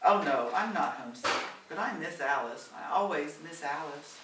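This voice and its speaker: A man's voice: on the high side, expressive, moderate pace, fairly bright tone. A man voicing an anxious middle-aged mother on a trip abroad, earnest and emotional, recorded far off in a roomy space with faint hiss. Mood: wistful.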